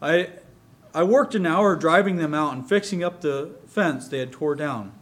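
A man's voice: on the high side, normal speed, fairly bright tone, close to an everyday voice. A man voicing a patient middle-aged farmer who talks earnestly about his troubles. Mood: troubled.

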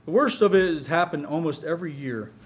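A man's voice: a little high, expressive, brisk, lightly acted. A man voicing a patient middle-aged farmer who talks earnestly about his troubles. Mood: troubled.

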